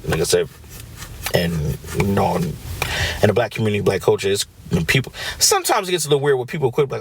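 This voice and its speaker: A man's voice: fairly low pitch, fairly quick, gravelly, breathy edge. A man hosting a podcast, talking casually on his own, often checking in with "right?" and acting out what friends say. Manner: conversational, frequent "right?" check-ins, acts out quoted friends. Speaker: podcast host. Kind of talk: casual solo podcast talk.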